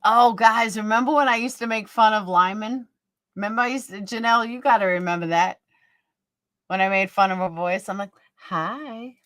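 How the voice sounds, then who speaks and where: Here the streamer sounds brisk, her mid-range voice fairly bright against a studio recording free of room sound. Blunt and foul-mouthed, she gossips through a relaxed chat while reading out comments and addressing viewers by name.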